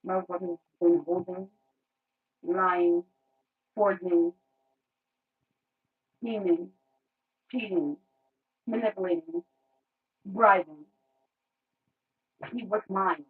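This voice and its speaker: A woman's voice: fairly low pitch, steady tone, takes it slowly, pauses often, husky. A woman vlogger in an unscripted rant, blunt and profane, repeating words for emphasis. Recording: tinny phone-like sound.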